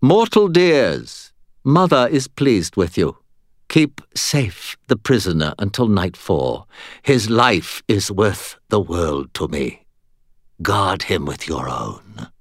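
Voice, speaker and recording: A man reading an audiobook and voicing a cold, contemptuous female ghost, a body-stealing sorceress who speaks with calm, matter-of-fact menace. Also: low voice, takes it slowly, no room sound, clean studio sound, full character voice. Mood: commanding.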